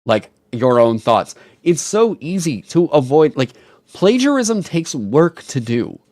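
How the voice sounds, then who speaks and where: A man hosting a casual live stream, talking in an animated, rambling way and swearing casually into a headset mic. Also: a little high, takes it slowly, dry recording, studio quality. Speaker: streamer host.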